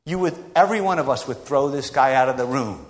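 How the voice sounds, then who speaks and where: A man preaching a sermon in an emphatic, rhetorical way with dramatic pauses. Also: mid-range voice, expressive. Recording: long reverb of a large hall.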